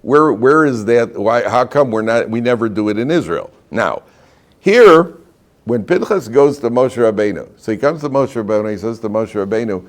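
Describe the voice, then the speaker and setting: A rabbi teaching an informal Torah class to students in a classroom, animated and joking, often putting questions to his listeners. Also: medium pitch, normal speed.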